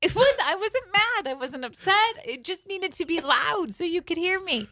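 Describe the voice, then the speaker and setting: A woman's voice: very high voice, animated, moderate pace, pushed and bright, no echo. A woman co-hosting a morning radio show, telling her side of a story with giggles in casual banter. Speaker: radio co-host.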